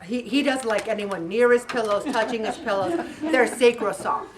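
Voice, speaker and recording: A middle-aged woman giving a casual motivational talk to a faith group, animated and laughing often as she tells stories. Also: a little high, normal speed, recorded from a distance, a crowd in the background.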